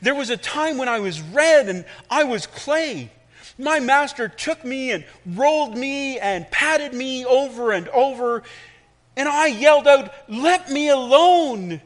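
Guy doing a little clay teacup that yells and begs, squeaky high voice, drawn out. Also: lively intonation, a little slow, exaggerated voice. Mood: pleading. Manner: high, strained, pleading cries. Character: suffering, pleading talking teacup of clay. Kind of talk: sermon illustration story.

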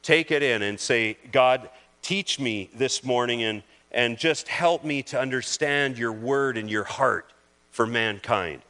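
A man preaching a sermon as pastor, reading scripture aloud and speaking with emotion, pausing and restarting as he goes. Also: mid-range voice, pushed and bright.

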